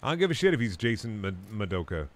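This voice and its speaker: A man's voice: fairly low pitch, sing-song, fast. A young man streaming a video game, chatting casually and ranting with lots of swearing. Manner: crude, profane, ranting. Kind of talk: casual gaming stream chat.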